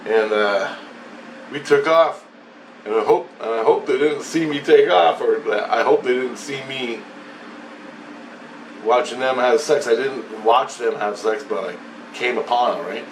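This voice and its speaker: A man telling a rambling personal story in a profane, excitable way, often repeating himself. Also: medium pitch, measured pace, slight background noise. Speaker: vlogger. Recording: roomy and distant from the mic.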